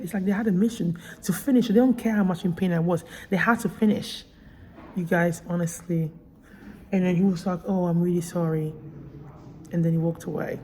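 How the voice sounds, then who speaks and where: A woman recovering from surgery tells her hospital story in a casual vlog, emphatic and indignant. Her voice sits low and mellow. A faint hum runs under it. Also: a little fast, poor audio. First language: Italian. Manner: indignant, emphatic retelling with quoted dialogue. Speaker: vlogger. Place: hospital room.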